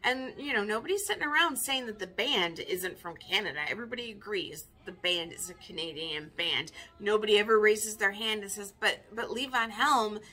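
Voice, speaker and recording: Bright, wry woman in her fifties. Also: mid-range voice, normal speed, few pauses. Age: 50s. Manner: chatty, wry and self-mocking. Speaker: record collector. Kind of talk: casual vinyl tag video.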